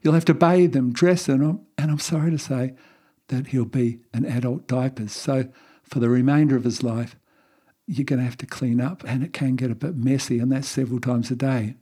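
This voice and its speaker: A man voicing a solemn male doctor delivering bad news, in a measured, grave manner. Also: mid-range voice, fairly even intonation, mellow, slightly rough, lightly acted.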